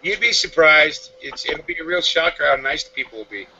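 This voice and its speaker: An easygoing man chatting on a podcast, his voice bright and a bit higher than average. The audio is dull, with faint room noise behind him. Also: lively intonation, brisk. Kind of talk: casual chat.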